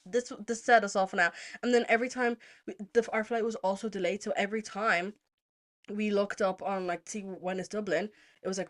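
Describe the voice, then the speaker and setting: A young woman from Zimbabwe hosting a podcast, telling a story in a casual, animated way and moving into political commentary, with lots of "like" and some swearing. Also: mid-range voice, fairly quick. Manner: animated, chatty, heavy use of "like", swears freely. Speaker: podcast host.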